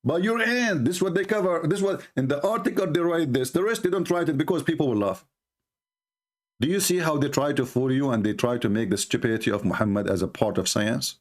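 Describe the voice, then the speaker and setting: A man's voice: on the high side, fast. A man giving a sarcastic, mocking monologue as a religious debater, full of scornful rhetorical questions.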